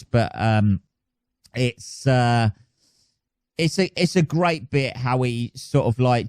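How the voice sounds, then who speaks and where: A man's voice: mid-range voice, a little mellow, no echo. Male podcast host, solo casual chat, rambling, sweary, dry close sound. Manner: rambling, sweary, self-mocking.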